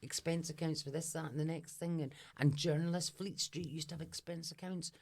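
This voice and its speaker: A woman co-hosting a podcast in casual chat, talking expressively and quick to laugh and agree. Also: deep voice, fairly even intonation, a little mellow. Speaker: podcast co-host.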